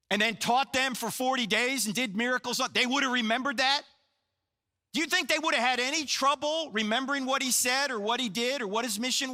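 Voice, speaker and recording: A man in his sixties from New Jersey delivers a live talk, telling stories and cracking jokes between questions to the audience. His voice sits high and very bright. His pitch swings widely. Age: 60s. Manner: joking, storytelling, asks the crowd questions. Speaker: Christian apologetics speaker.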